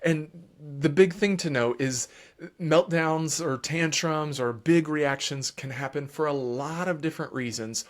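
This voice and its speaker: A man who is a children's therapist, giving parents advice in a calm, explanatory way that turns animated at times. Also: fairly high pitch, a little slow.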